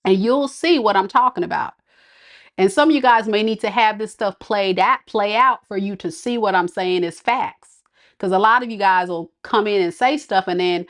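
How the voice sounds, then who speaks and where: A woman tarot reader scolding her live viewers in an exasperated, laughing rant. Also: medium pitch.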